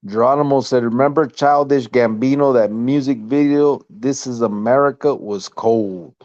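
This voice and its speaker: A man's voice: mid-range voice, moderate pace, a little mellow, no echo. A man hosting a casual podcast, laid-back, reading viewer comments aloud and laughing often. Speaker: podcast host. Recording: dry, slightly dull lo-fi sound.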